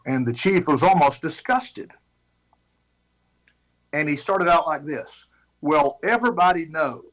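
A man preaching, retelling a story in an animated, conversational way with shifting pace. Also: a little high, takes it slowly, low-quality recording. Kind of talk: sermon illustration.

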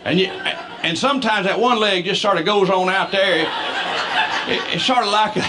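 A man telling family stories as a comedian, folksy and quick to laugh. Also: high-pitched, music in the background. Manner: folksy, stumbling restarts, laughing through stories. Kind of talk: stand-up storytelling.

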